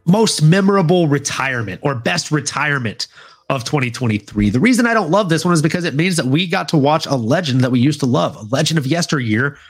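A man's voice: a little high, lively intonation, breathy edge, faint music behind. A man co-hosting a fan awards show, chatting casually with lots of fillers. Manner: laid-back, filler-heavy, drawn-out phrasing. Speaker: podcast co-host. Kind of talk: casual chat.

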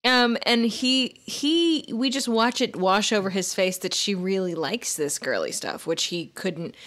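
A woman's voice: medium pitch, lively intonation, a little slow, a bit bright. Enthusiastic podcast co-host woman. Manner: enthusiastic, retells scenes in detail. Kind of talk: casual chat recapping a sitcom.

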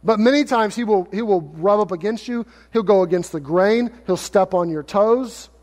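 Male pastor, expressive sermon delivery, high voice, long church reverb. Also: normal speed. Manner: expressive preaching, acts out quoted lines in lively paraphrase.

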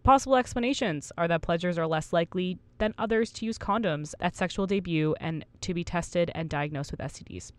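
A woman's voice: lowish voice, fairly quick, few pauses, dry recording. A woman in her twenties co-hosting a casual podcast, reading study findings aloud and laughing at her own slips. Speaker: podcast co-host.

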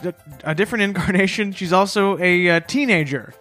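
Deadpan man in comic banter. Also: high voice, brisk, faint music behind. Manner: deadpan mock-earnest tributes. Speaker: podcast co-host. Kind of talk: casual comedic chat.

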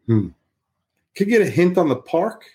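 A man competes in a casual quiz game, good-humored and drawn-out, speaking slowly. His pitch is a little high and moves a lot. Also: very animated, warm tone. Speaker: quiz contestant.

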